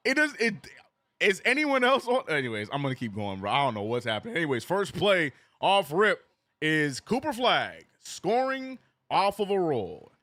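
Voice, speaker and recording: A man streaming a live basketball watch-along, calling plays and reading chat with animated, joking frustration. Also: fairly high pitch, normal speed, dry recording. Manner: animated, joking, reads chat messages aloud; frustrated fan venting and cursing.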